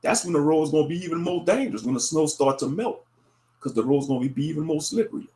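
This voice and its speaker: A man's voice: fairly high pitch, animated, quick pace, a little mellow. Easygoing man chatting on a livestream. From Louisiana. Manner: easygoing, chatty and rambling, laughs often. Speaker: livestream host. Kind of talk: casual live-stream chat.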